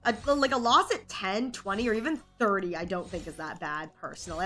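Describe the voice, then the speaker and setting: A woman live-streaming, chatting casually and rambling excitedly over her game pulls, while sick. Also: mid-range voice, normal speed, hardly any pauses, soft background music.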